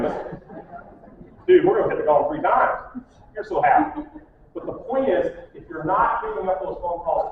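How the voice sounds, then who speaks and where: A man's voice: a little high, slight background noise. A middle-aged man giving a casual conference talk, blunt and full of stories, acting out the people he quotes. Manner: blunt, storytelling, acts out quotes. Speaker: conference speaker. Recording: echoey hall from far off, phone-like.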